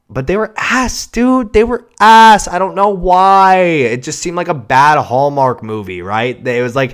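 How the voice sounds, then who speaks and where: A man hosting a solo casual podcast, rambling and swearing, swinging from mumbles to shouts, on a cheap home mic. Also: mid-range voice. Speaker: podcast host. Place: home recording setup. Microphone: cheap mic without pop filter.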